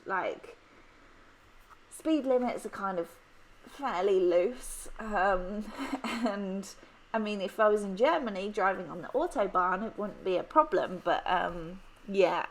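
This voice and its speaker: English woman in her 30s vlogging, slow chatty rambly talk, lots of ums. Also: medium pitch. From England. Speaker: planner vlogger. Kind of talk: casual chat while planning.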